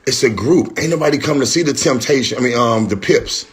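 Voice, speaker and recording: A middle-aged man on a phone livestream, rambling and heated, full of slang and swearing, who jumps into a higher voice when he mocks what others said. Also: expressive, brisk, hardly any pauses. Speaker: rapper responding on a livestream. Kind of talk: casual livestream rant.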